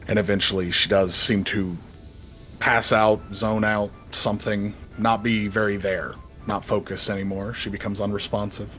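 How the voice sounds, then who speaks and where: A man narrating a tabletop roleplaying game as dungeon master, telling the scene slowly and descriptively. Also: on the low side, little pitch movement, a bit bright, faint music behind. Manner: slow, descriptive storytelling.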